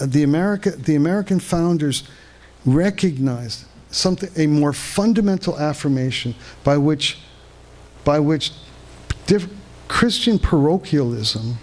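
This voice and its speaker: A man giving a live lecture to an audience at a conference in a hall, halting and restarting often as he asks the room questions. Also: a little high, lively intonation, darkish tone. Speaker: conference speaker. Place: veterans hall, indoors.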